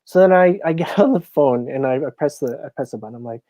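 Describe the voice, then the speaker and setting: Fast and with few pauses, this mid-range male voice is recorded with no room sound. The speaker, a casino floor supervisor, is a guest in a relaxed interview, spinning animated, filler-heavy stories.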